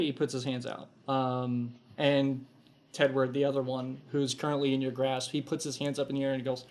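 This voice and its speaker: A man running a tabletop game as game master, narrating with many ums and pauses. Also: medium pitch, level tone, darkish tone. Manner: hesitant with many ums, voices the kobolds.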